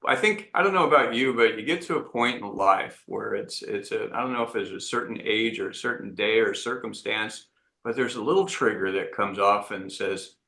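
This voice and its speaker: A man's voice: fairly low pitch, moderate pace, creaky, sharp tone, reverberant. A man speaking earnestly as an entrepreneur guest in an interview, often restarting his sentences. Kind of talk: reflective interview talk.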